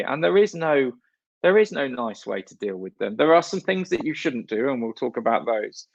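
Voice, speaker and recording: A man from the north of England speaks at a conference with a gravelly edge to his voice, blunt and jokey with plenty of swearing. The recording is dry and a little dull. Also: mid-range voice, big pitch swings, normal speed, dry recording. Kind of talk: conference talk.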